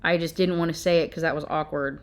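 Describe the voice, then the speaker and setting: A woman's voice: low voice, steady tone, fast talker. Sarcastic woman ranting about a book. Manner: sarcastic, exasperated. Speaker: book reviewer. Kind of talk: reading a novel aloud with rant commentary.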